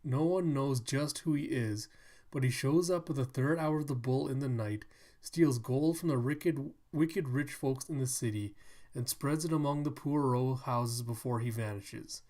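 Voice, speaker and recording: A man voicing a crowd of poor but cheerful townsfolk while reading a manga aloud, loud and folksy. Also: mid-range voice, measured pace. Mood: jolly.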